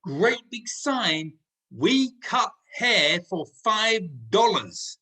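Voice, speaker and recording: Man doing a ninety-year-old barber, frantic, shrill, repetitive, bright tone. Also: very animated, drawn-out words, full character voice. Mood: panicked. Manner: shrill, repeating himself in alarm.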